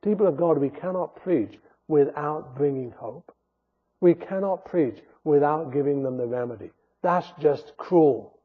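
A man's voice: on the high side, normal speed, breathy edge, narrow, tinny audio. A man preaching a sermon in an earnest, emphatic way, his voice rising sharply when he rebukes.

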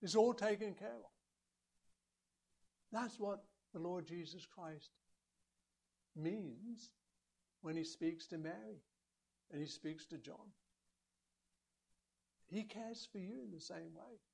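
A man delivers a sermon in a notably high voice. He speaks earnestly, climbing to emphatic peaks and sinking low again. He keeps turning to the congregation with rhetorical questions. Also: slow, gravelly, long pauses, darkish tone, breathy edge. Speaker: preacher.

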